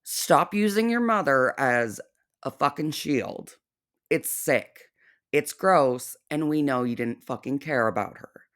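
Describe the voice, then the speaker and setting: A woman's voice: rumbling low, animated. A woman commentator reacting to a clip, sarcastic and swearing freely. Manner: sarcastic, profane, slow and deliberate.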